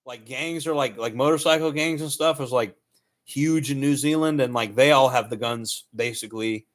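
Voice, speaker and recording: Sex: man. Role: host. Style: casual monologue. Pitch: mid-range. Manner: rambling, restarting often. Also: normal speed. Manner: rambling, many fillers and restarts, laughs at own jokes.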